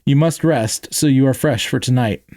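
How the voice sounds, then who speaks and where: A man's voice: mid-range voice, normal speed, darkish tone, no echo, studio quality, close to an everyday voice. A man voicing a polite female alien team leader who speaks stiffly and formally. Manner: stiff formal speech without contractions.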